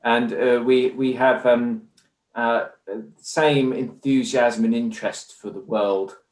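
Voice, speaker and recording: A man's voice: mid-range voice, steady tone, slow pace, darkish tone. A man with an English accent, a guest in a conversational interview, talking in an earnest, discursive way. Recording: roomy echo.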